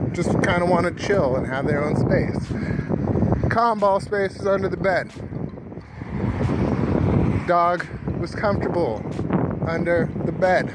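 A man hosting a solo podcast while walking down a street, rambling and laughing at his own jokes. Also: fairly high pitch. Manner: rambling, self-amused, full of fillers. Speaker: podcast host. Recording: loud street noise outdoors.

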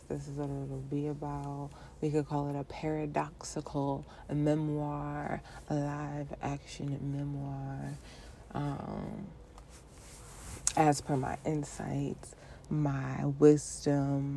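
A woman hosting her own solo podcast, talking to the listener in a relaxed, reflective way with playful asides and frequent laughter. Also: deep voice, gravelly. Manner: playful, laughs often, talks to listener directly; casual speech with repeated phrases. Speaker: podcast host.

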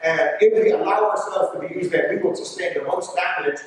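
Emphatic preacher in an echoey church. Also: male voice, high-pitched, brisk, far from the mic, background noise. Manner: emphatic, repeats lines, checks in with the congregation. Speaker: bishop preaching a homily. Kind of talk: sermon.

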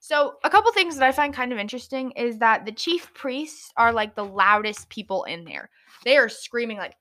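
Young woman, casual Bible study host, bright tone, chatty and stumbling. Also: high-pitched, expressive, normal speed. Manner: chatty, filler-heavy, stumbles over words. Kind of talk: casual Bible reading and reflection.

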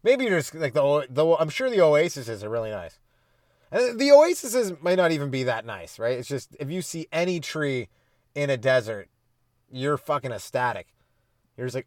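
A man's voice: medium pitch, very animated, fairly quick, no room sound. Young guy doing a loose swear-y comedy rant on his podcast, dead dry room. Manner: loose, profane, self-mocking riffing. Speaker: stand-up comedian, podcast host. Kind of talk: rambling comedic monologue.

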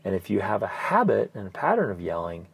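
A man speaks in an earnest, conversational podcast manner, like a coach walking listeners through a story. His voice sits low with a gravelly, slightly husky texture. On his key points he lowers to a soft, nearly whispered delivery. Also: huge pitch swings, fast talker, no echo. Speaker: podcast host and family coach. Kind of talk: casual podcast chat.

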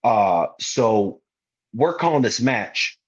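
In a muffled lo-fi recording, a man in his twenties, a guest wrestler, tells a story in casual podcast talk. His voice is fairly low, husky, slow and expressive, and he animatedly acts out other people's lines.

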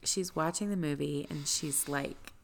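A woman's voice: sits low, unhurried, vocal fry, slight background noise. A woman co-hosting a book podcast, recapping the plot with a wry, sarcastic edge. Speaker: podcast co-host. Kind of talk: casual book podcast chat.

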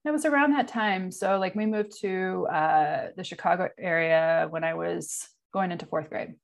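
Gravelly-voiced woman in her 40s, candid and halting, slightly low voice. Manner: candid, halting, many fillers. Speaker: guest. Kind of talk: personal interview.

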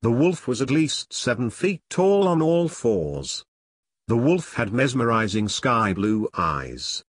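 Man, horror story narrator, lively intonation, dry close sound. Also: medium pitch, slow pace, husky, dry recording.

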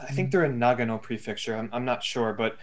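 A man's voice: mid-range voice, steady tone, fast. A man in a casual podcast chat, rambling easily and hesitating with ums. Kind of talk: casual chat among friends.

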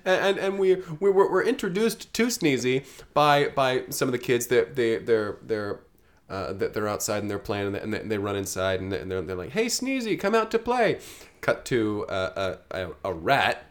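A man's voice: lowish voice, moderate pace. A man co-hosting a comedy podcast, stammering and playful as he improvises. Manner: stammering, playful, slips into character voices. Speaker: podcast co-host.

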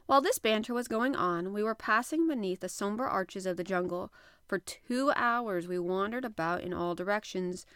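Woman narrator, audiobook, measured reading, mid pitch, dry close recording. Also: a bit bright, clear, resonant tone, no room sound. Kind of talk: scripted narration.

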